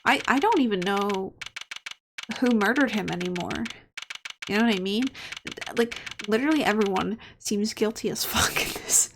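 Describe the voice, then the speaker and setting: A woman's voice: medium pitch, moderate pace, noisy background. A woman streaming a game casually, chatting with viewers and laughing often. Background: game music.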